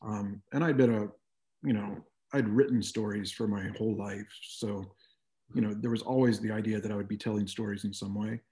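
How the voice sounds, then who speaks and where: A man's voice: fairly low pitch, fairly even intonation, brisk, warm tone. A middle-aged man talking reflectively as an interview guest, with frequent "you know" asides. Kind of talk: conversational interview.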